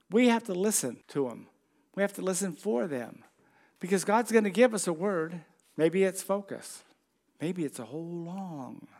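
An older man preaching a sermon in a conversational, folksy way, with slow, dramatic scripture readings. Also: fairly high pitch.

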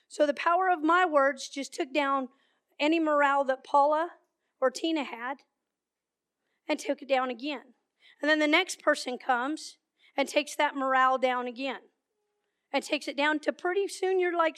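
Woman preacher, high voice, storytelling sermon with emphatic repetition. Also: steady tone, moderate pace, fairly bright tone.

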